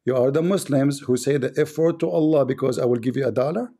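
A man's voice: medium pitch, fast, mellow. A man with an Arabic accent hosting a live debate stream, taunting and sarcastic toward his callers. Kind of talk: mocking live-stream banter.

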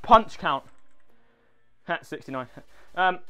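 A young man doing excited gameplay commentary, boasting and trash-talking with heavy swearing. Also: extremely high pitch, brisk, soft background music. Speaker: YouTuber.

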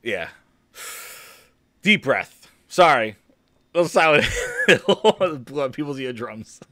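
A man's voice: medium pitch, lively intonation, slow, sharp tone, dry recording, studio quality. A man hosting a gaming stream, rambling and sarcastic, with plenty of profanity. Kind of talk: casual gaming podcast rant. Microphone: studio-quality microphone.

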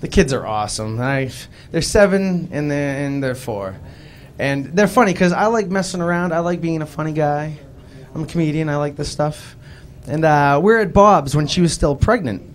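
Young Boston stand-up comedian, slightly high-pitched man, animated and self-deprecating, live club mic with faint room noise. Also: moderate pace. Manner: self-deprecating, animated storytelling with voiced quotes.

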